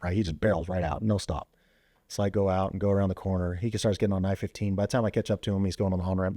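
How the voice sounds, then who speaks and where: Speaking low with a dark tone, a man who once served as a police officer and is a veteran tells a relaxed story as a podcast guest. Fillers such as "you know" and "like" pepper his loose talk, and his voice jumps suddenly when he acts out quoted dialogue. The sound is clean studio audio, free of room sound.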